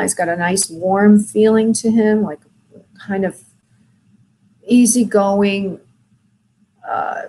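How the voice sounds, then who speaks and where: A woman hosting a call-in show as a spirit medium, talking gently and soothingly to callers, with many fillers. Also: medium pitch, poor audio. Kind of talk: call-in reading, soft and consoling.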